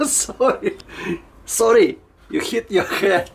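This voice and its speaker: A slow, gravelly voice that swoops widely up and down as it chats to cats at home. The speaker teases and coaxes the pets in plain, broken English. The tone stays playful throughout. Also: mid-range voice, wildly swooping pitch, a little hiss or hum. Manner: teasing, coaxing and chatty with the cats. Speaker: pet owner filming cats.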